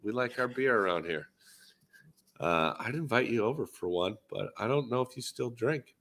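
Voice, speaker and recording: A man's voice: medium pitch, animated, moderate pace, a bit bright. A man with a Minnesotan accent, rambling easily in a casual podcast chat with lots of fillers. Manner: rambling, easygoing, many fillers. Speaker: podcast co-host, dent repair tech.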